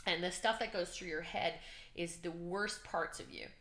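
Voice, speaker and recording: A woman guest telling her story in an interview, animated and earnest, acting out shouts and her own inner voice. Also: lowish voice, normal speed, reverberant. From Canada. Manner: emotional, earnest. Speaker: podcast guest, business coach.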